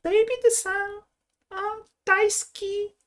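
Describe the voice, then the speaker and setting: A man voicing a cutesy young anime girl in a sing-song, drawn-out, squealing way. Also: extremely high pitch, little pitch movement, fairly bright tone, pitched above the performer's own voice, heavily acted. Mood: sugary.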